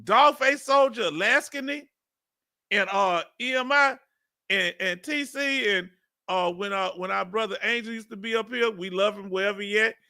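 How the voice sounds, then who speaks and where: Southern Texas man, fifties, bright high voice, laughs a lot, livestream host. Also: moderate pace, vocal fry. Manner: chatty, laughing, drawling asides. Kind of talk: casual live chat reading comments.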